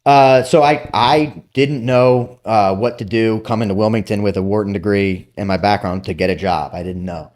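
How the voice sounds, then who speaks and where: A middle-aged man, a former military officer, talking casually as a podcast guest and animatedly telling stories with quick asides. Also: on the low side, darkish tone. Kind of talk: casual interview storytelling.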